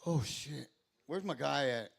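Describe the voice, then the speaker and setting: A man's voice: a little high, lively intonation, unhurried, gravelly. A man doing rambling, profane stand-up at an open mic in a small club, speaking into a stage mic and interrupting himself as he goes. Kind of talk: stand-up comedy.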